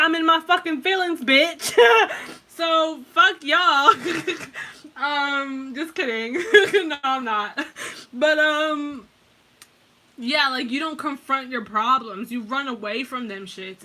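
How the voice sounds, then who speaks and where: A woman's voice: a little high, sharp tone. A woman giving a casual pick-a-card tarot reading, blunt and heavily profane, rambling with restarts and fillers as she talks straight to the viewer. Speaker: tarot reader.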